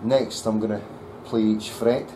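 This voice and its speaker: A man working as a luthier, muttering to himself as he sets up a bass in his workshop. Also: fairly even intonation, a little slow, mellow, slight background noise, rough recording. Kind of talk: workshop commentary.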